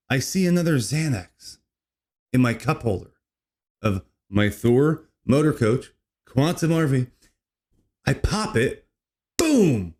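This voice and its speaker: Rambling man telling a wild story. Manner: rambling, says "dude" constantly, lively swings in pitch. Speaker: comedy podcast host. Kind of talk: casual storytelling monologue.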